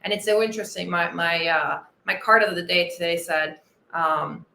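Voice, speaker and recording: A woman's voice: fairly low pitch, moderate pace, vocal fry, pushed and bright, roomy sound. A woman weight-loss coach hosting a motivational podcast monologue, enthusiastic and earnest, repeating her key phrases.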